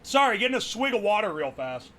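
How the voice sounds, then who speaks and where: A man streaming live, chatting casually, loud and profane, yelling nearly every phrase. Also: sits high, very animated, quick pace, slight background noise. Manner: brash and profane. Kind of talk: casual livestream chat.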